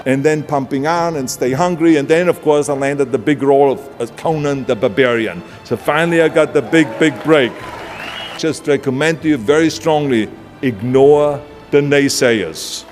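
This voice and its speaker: A man's voice: fairly high pitch, moderate pace, darkish tone. A man with an Austrian accent giving a blunt, punchy motivational speech. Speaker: motivational speaker. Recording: long hall reverb with music beneath. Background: background music.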